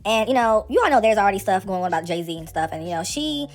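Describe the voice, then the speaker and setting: A woman hosting casual celebrity gossip commentary, sassy, slangy and animated. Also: mid-range voice, fast, slight background noise.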